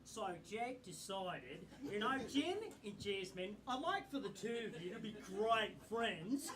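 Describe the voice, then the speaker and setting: A man's voice: high-pitched, animated, measured pace, recorded from a distance, a crowd in the background. A man performing improvised storytelling on stage, blustery and mock-indignant. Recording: loud live audience.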